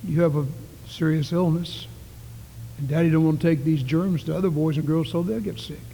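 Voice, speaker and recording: A man voicing a father gently speaking to his sick son, in a sermon story. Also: a little high, fairly even intonation, a little fast, vocal fry, in a large hall, slight background noise, rough recording. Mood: tender. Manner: quiet, gentle. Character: tender father at his son's sickbed.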